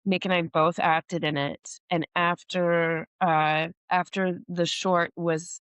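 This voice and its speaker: A woman with a lowish voice recounting her acting career in a candid interview. She tells stories with lots of "like" fillers and acts out what people said to her. The sound is close and dry. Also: takes it slowly, clear, resonant tone, no room sound. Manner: animated anecdotes with many "like" fillers and acted-out quotes. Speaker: actress and podcast host, interview guest.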